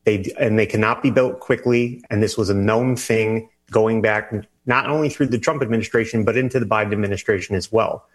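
Guy reporter explaining stuff in an interview, lowish voice, lots of uh and restarts. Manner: measured, halting with many fillers and restarts. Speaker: national security reporter, interview guest. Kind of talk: news interview answers.

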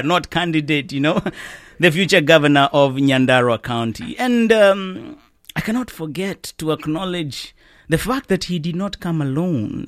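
A man hosting a community radio show, his talk conversational and broken by frequent laughter. The studio sound is dry, with almost no room echo. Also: fairly high pitch. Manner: conversational, laughs often, fillers.

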